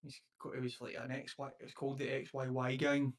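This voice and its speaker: A man's voice: mid-range voice, monotone, a little fast. A man with a Scottish accent, co-hosting a podcast in casual, rambling chat with plenty of swearing. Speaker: podcast co-host.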